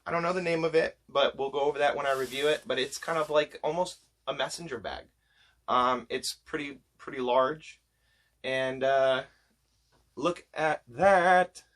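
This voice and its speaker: A man chatting to camera as he shows off a shopping haul, enthusiastic and gushing, his voice getting hoarse. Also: medium pitch, normal speed, fairly bright tone. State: voice going hoarse. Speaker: vlogger showing a shopping haul. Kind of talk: casual chat to camera.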